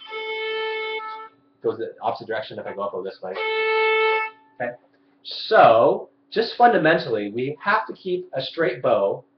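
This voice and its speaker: A man's voice: medium pitch, a little hiss or hum. Man teaching violin over a roomy webcam. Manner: explains and demonstrates, asks viewers questions. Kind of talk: live webcam lesson. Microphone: webcam mic. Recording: roomy, dull webcam audio.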